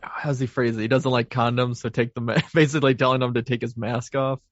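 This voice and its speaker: A man co-hosting a podcast who recaps a film plot at a steady pace, with fillers. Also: mid-range voice, fast talker, dry recording. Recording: dry, dull lo-fi remote audio.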